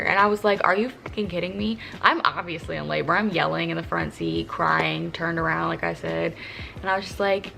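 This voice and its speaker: A woman's voice: on the low side, creaky. A young woman vlogger casually telling a candid, profane story to the camera. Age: young adult. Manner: candid, profane, animated retelling.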